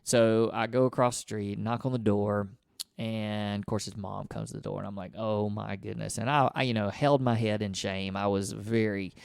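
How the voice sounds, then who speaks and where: A man's voice: on the low side, fairly even intonation, normal speed, vocal fry, clear, resonant tone, no room sound, clean studio sound. A man, co-hosting a podcast and telling a childhood story in casual conversation, acting out his own thoughts as he goes. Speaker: podcast co-host.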